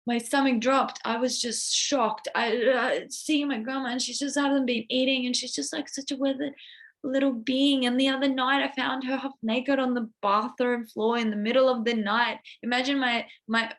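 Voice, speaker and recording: A young woman in a personal vlog, talking openly and emotionally, full of "like" fillers, moving from excitement to hushed vulnerability. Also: fairly high pitch, moderate pace. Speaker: coach sharing a personal update.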